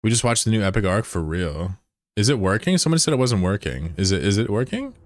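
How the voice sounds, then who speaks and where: A man with a low voice streams a game and chats casually with his viewers. He is laid-back and profane, and he drags his words out slowly when he admires something. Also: very animated, no echo, studio quality. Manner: laid-back, profane, answers chat aloud. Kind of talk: casual livestream chat.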